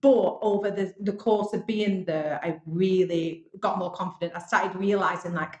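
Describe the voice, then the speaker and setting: A woman's voice: lowish voice, fairly even intonation, moderate pace. Frank chatty Northern English woman. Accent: Northern English (Bolton). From Bolton, England. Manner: frank, chatty, swears, self-mocking. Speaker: podcast guest, business owner. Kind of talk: casual interview storytelling. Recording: roomy echo.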